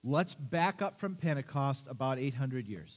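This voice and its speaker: A man preaching a sermon as pastor to his congregation, lively and quizzing the listeners with questions. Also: mid-range voice, normal speed. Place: church.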